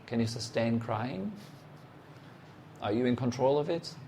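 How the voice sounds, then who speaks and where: A man giving a meditation talk as a teacher, speaking in short, unhurried phrases and putting direct, challenging questions to the listener. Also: mid-range voice, vocal fry, warm tone, slight background noise.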